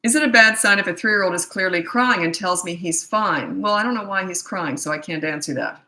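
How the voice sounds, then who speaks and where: A middle-aged woman runs a casual live parenting Q&A, talking bluntly and poking fun at herself. Her voice is bright and forceful, and the room around her rings with echo. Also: lowish voice, brisk. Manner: chatty, blunt and self-deprecating, laughs at herself. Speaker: parenting coach hosting a live Q&A. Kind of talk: casual live-stream chat answering viewer questions. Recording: echoey room.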